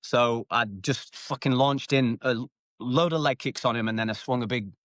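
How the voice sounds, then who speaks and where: A man's voice: mid-range voice, normal speed, no room sound. British man, retired fighter, loose and profane storyteller, close dry podcast sound. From United Kingdom. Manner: animated, swears freely, acts out shouted quotes. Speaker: retired MMA fighter, guest. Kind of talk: casual storytelling interview.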